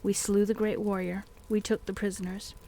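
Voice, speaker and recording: A woman voicing a big brutal male orc captain, speaking in a slow, deep growl. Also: flat delivery, dark tone, lightly acted. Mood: domineering. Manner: blunt, slow and domineering.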